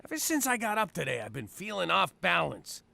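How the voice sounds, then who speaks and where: A man voicing a gruff, profane, middle-aged mob dad with a New York Italian-American accent in a cartoon. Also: sits high, wildly swooping pitch, brisk, bright, forceful tone, dry recording, heavily acted.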